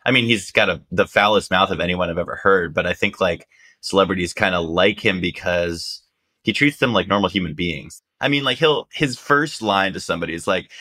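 A man's voice: low voice, fairly quick. A man, a journalist guest, telling a story casually and animatedly, with lots of "like". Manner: animated, acts out quotes, lots of "like".

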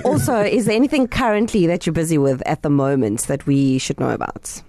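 A man co-hosting an interview, asking relaxed questions with short reactions. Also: on the high side, a little fast, dry recording. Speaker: radio show co-host. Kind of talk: casual interview chat.

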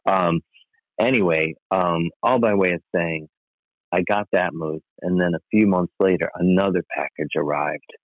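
Man, low voice, rambling wry anecdote, thin phone-like sound, dry. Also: measured pace, no echo. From United States. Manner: rambling, wry storyteller with many asides. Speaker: podcast guest storyteller. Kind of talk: casual anecdote.

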